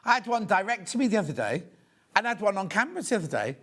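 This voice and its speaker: A man's voice: high voice, very animated, very fast, sharp tone. Chatty man in his sixties. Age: 60s. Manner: chatty and bantering, greets viewers while handling products. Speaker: shopping channel presenter. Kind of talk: live TV product selling.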